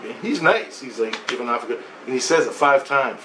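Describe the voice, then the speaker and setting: A man telling a personal story in a casual, rambling way, with frequent swearing and restarted sentences. His voice sits at an average pitch. The room gives it a roomy echo, and a faint background noise runs under it. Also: normal speed, bright, forceful tone. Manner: rambling, profane, many restarts and repetitions. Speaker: vlogger.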